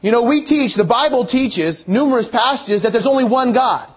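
Guy preaching, chatty and thinking out loud, kinda husky. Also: very high voice, lively intonation, moderate pace. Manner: conversational, thinking aloud, restarting phrases. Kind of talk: sermon.

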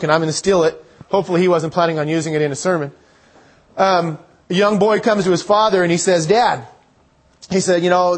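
A man preaching a sermon in an earnest, conversational way, quoting scripture and telling stories. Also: high-pitched.

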